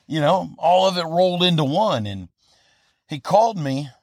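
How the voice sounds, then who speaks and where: A man in his fifties talks through a personal story as a podcast host, earnest and meandering, often restarting his sentences. His voice sits a little high for a man. The sound is dry, with no room echo. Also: expressive, normal speed. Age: 50s. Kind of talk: casual motivational monologue.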